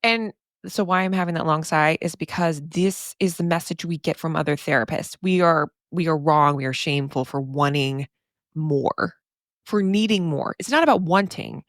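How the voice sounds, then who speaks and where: A woman's voice: deep voice, normal speed, dry recording, clean studio sound. A woman therapist hosting her podcast, talking casually and emphatically with frequent laughs and asides. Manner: chatty and emphatic, often says "y'all".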